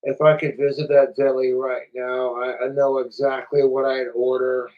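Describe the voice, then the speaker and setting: A man's voice: medium pitch, little pitch movement, moderate pace, distant mic, phone-quality sound. A man chatting casually on a livestream, rambling, profane and repetitive.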